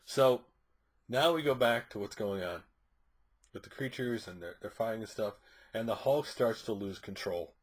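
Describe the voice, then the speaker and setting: Casual comic reviewer: a man with a lowish, slightly husky voice, rambling with lots of fillers. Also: normal speed. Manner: rambling, frequent fillers and restarts. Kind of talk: casual spoken plot recap.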